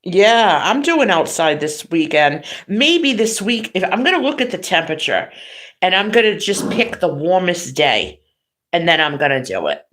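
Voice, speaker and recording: A woman's voice: on the low side, big pitch swings, normal speed, fairly bright tone. A middle-aged woman hosting a livestream, telling family stories in a chatty way and laughing often. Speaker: livestream host. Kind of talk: casual chat.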